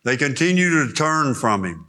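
A man preaching an expository Bible lesson in an earnest, emphatic way, pausing to pray. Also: medium pitch, big pitch swings, sharp tone. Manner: earnest, emphatic teaching with spoken prayer. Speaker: pastor teaching a Bible study.

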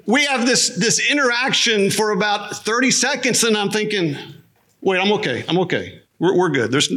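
A male pastor welcoming his church and telling a made-up comic story in a chatty, deadpan way, with fillers and restarts. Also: high-pitched. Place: church sanctuary.

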